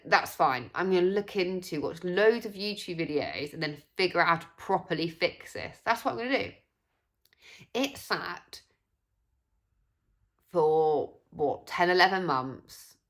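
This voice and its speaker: Young woman vlogger from England, casual storyteller, slightly low voice. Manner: chatty, animated, acts out quoted voices.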